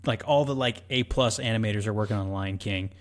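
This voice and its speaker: A man's voice: fairly low pitch, brisk. A man co-hosting a movie podcast in casual chat, telling stories and acting out quotes. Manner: animated storyteller, acts out quotes. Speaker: podcast co-host.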